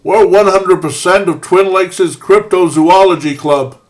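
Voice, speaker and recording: A man's voice: high voice, measured pace, pitched above the performer's own voice. A man doing cocky kid monster hunters, Midwest twang. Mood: eager. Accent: put-on American Midwest. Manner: boastful, chummy. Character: eager young boy monster hunters, cocky.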